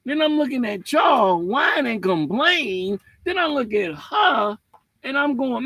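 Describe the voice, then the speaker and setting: A man with a high, bright voice rants on a livestream. He is blunt, profane and mocking, and his pitch swings widely. The sound is dry and close. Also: takes it slowly, no echo, rough recording. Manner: lively, with swings between loud and quiet. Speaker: livestream host. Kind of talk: heated livestream rant.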